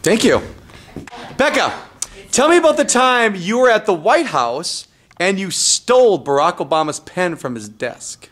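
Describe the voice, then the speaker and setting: A man leading a kids' improv game, briskly calling out names and story prompts. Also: sits high, big pitch swings, a bit bright. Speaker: improv class leader.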